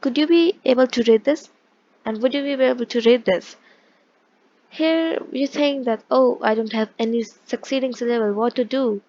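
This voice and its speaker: Woman, language teacher, fairly high voice, patient explaining, dull lo-fi sound. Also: moderate pace, dark tone. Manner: explains patiently, with frequent restarts and check-ins. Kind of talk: casual online lesson explaining pronunciation.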